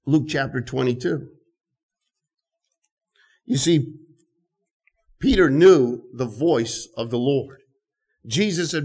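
An older man preaching an earnest sermon, often repeating words and reading scripture slowly. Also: mid-range voice, lively intonation, a little mellow, breathy edge. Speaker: pastor.

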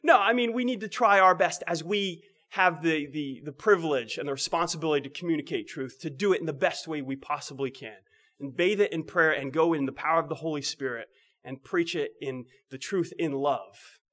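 A man delivers a sermon in an easy, talky manner, his voice sitting a little high for a man. He repeats himself, poses rhetorical questions, and softens his voice when he stresses a point. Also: fairly quick. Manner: conversational, rhetorical questions, frequent restarts; drops to a soft, low voice on key points. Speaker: preacher.

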